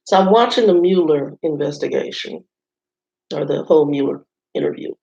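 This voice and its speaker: A woman vlogger tells her viewers a rambling story in a chatty, casual way, speaking at normal speed. Her voice is low, gravelly, and dark in tone. Recorded in a hotel room, the audio is roomy and slightly dull.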